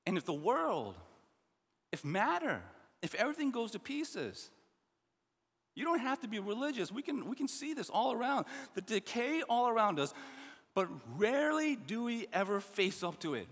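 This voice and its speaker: A man preaching a sermon as pastor, emphatic and repetitive, swinging between loud stresses and quiet asides. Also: very high voice, sing-song, normal speed, in a large hall.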